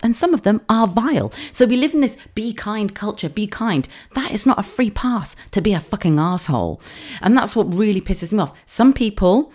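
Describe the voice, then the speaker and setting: A woman's voice: mid-range voice, a little mellow. A woman in her thirties telling stories in a casual podcast monologue, chatty and sweary, laughing often. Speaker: podcast host.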